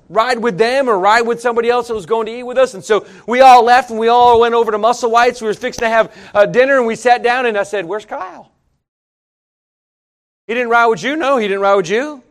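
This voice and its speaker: A middle-aged man preaching a sermon, telling folksy stories and talking straight to the congregation. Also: very high-pitched. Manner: folksy, storytelling preacher, addresses congregation directly. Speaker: pastor.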